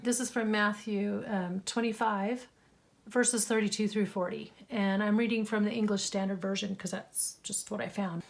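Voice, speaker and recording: A woman hosting a craft journal vlog, speaking in an earnest, slow and heartfelt way and reading a scripture passage. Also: medium pitch, steady tone, creaky.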